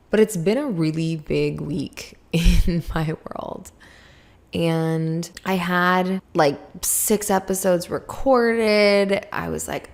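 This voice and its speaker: A woman's voice: on the low side, slow pace, vocal fry. A young adult woman hosting her own podcast, talking candidly and rambling through her thoughts with frequent laughs, her mouth dry around a lozenge. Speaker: podcast host. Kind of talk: confessional solo podcast.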